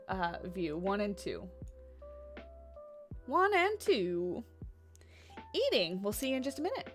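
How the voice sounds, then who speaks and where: Chatty woman streamer, very lively voice. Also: a little high. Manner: chatty, talks to her dogs in a cooing baby voice. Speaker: livestreamer. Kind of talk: casual livestream commentary while playing. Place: home office. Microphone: USB condenser desk mic.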